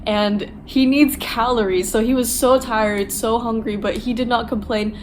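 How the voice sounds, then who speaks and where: Candid young woman vlogging, slightly high voice. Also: fairly even intonation, normal speed, a little mellow, a little hiss or hum. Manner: candid, emotional, swears freely. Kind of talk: casual vlog talk to camera. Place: sitting on the floor at home.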